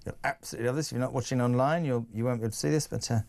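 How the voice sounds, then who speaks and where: Cheeky bloke hosting drive-time radio, jokey and loud-mouthed. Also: male voice, mid-range voice, rapid-fire, gravelly, slight background noise. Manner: brash, jokey, mocking. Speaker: radio talk show host. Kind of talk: opinionated drive-time chat.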